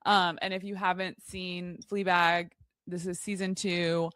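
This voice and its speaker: A lively woman co-host, chatty and excitable, with a slightly low pitch. She tells her story with gasps and laughter. The sound is dry and close, with no room around it. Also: measured pace, no room sound. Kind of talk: casual chat.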